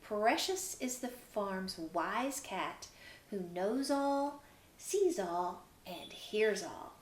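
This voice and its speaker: A woman hosting a children's storytime, gently reading and encouraging, recorded in an echoey room. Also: mid-range voice, animated, very slow, slight background noise. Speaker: storytime host. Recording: roomy echo.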